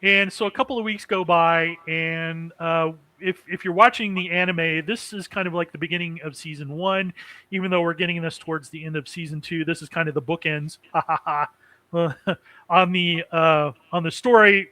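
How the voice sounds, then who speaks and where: A man's voice: on the high side, steady tone, moderate pace, sharp tone, no room sound, rough recording. A man hosting a casual anime recap, rambling with many fillers and chuckling as he goes. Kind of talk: casual chat.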